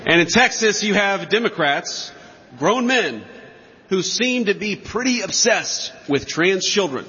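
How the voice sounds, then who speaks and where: A man's voice: high-pitched, animated, a little slow, bright, forceful tone, a little hiss or hum. A man giving a campaign rally speech in a large hall, emphatic and mocking with sarcastic asides. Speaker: political speaker. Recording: lo-fi, long hall reverb.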